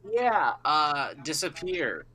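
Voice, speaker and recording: A man's voice: on the high side, very animated, takes it slowly, sharp tone, rough recording. A man narrating as the dungeon master of a casual tabletop game, loose and profane, often laughing.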